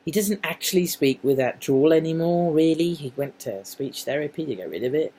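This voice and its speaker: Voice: mid-range voice, fairly quick, mellow, poor audio. An English-accented adult vlogger talking casually in a wandering monologue, full of restarts and asides. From England.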